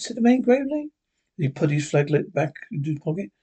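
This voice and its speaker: A man reading a classic horror story aloud in a plain, steady storytelling voice, with occasional slips. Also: a little high, normal speed, breathy edge. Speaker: narrator.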